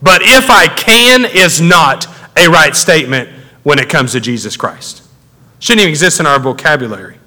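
Pastor guy preaching, bright forceful voice, chatty and fired up, big reverb from the hall. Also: on the high side, moderate pace. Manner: animated, conversational preaching with rising intensity. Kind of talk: sermon. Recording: echoey hall with long reverb.

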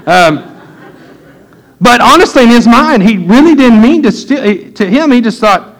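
A middle-aged man preaching a sermon, telling folksy stories and getting animated when he quotes people. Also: very high voice, moderate pace, low-quality recording. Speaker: pastor. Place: church.

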